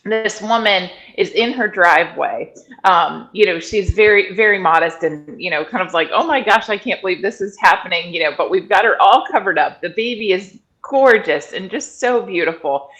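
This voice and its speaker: A middle-aged woman, a guest in an interview, telling stories in a lively conversational way and acting out other people's words. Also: lowish voice, normal speed, rough recording. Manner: animated storyteller, acts out quoted people in raised voices. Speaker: guest, functional medicine director and former doula.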